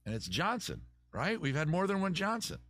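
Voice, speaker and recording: A man's voice: high-pitched, wildly swooping pitch, moderate pace, fairly bright tone, dry recording. A man hosting a live advice stream, rambling through chat questions with jokey, digressive mock advice. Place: home room with a fire.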